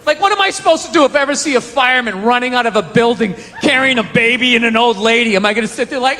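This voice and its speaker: A man doing a stand-up comedy set on stage, loud and ranting, often shouting and swearing. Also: very high voice, quick pace, hardly any pauses, long reverb tail, a crowd in the background, background noise. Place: comedy club stage with audience. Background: audience laughter.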